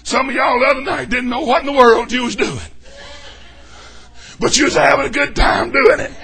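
A man preaching a fervent, folksy sermon in a church, shouting and whooping as he jokes with the congregation. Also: very high-pitched, moderate pace. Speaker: pastor.

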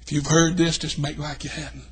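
In a church revival sermon, an older man spins folksy tales, moving between near-whispers and shouts. His husky voice sits slightly high, with an even tone and ordinary pace.

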